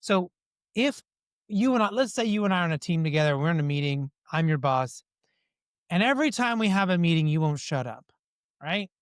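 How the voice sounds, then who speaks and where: A man answering interview questions in a lively storytelling way, often slipping into quoted dialogue. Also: a little high, brisk, smooth, no echo, studio quality. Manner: animated storyteller who acts out quoted dialogue. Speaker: guest.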